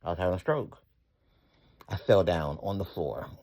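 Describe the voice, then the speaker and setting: A middle-aged man tells his own story in a fervent, folksy, rambling way. His voice sits a little low. He keeps breaking off to give thanks to God. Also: expressive, moderate pace, darkish tone. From Atlanta area, US. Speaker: storyteller recounting a personal event. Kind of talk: emotional personal testimony.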